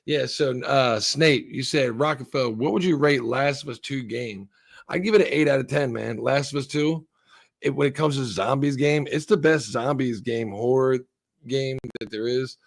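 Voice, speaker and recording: Gravelly, cussing male streamer. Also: medium pitch, normal speed. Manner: profane, rambling rant with many restarts. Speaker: stream co-host. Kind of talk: casual stream chat.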